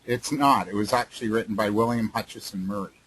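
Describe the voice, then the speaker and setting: Male interview host, halting questioner, faint hiss behind him. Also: on the low side, a bit bright, low-quality recording. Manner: halting, many fillers and restarts. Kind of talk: casual interview talk.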